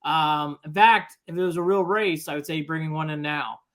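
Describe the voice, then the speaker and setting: A male sports co-host makes his points firmly and stresses each one. His voice sits a little high for a man. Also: fairly even intonation, normal speed, fairly bright tone. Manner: emphatic, lays out his points. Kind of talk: sports talk.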